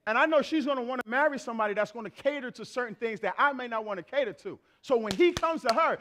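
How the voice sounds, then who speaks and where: High-pitched middle-aged male pastor, lively storytelling preacher in a church. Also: quick pace, hardly any pauses, a little hiss or hum. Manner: animated storyteller acting out family dialogue. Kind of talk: sermon with comic anecdotes. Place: church sanctuary.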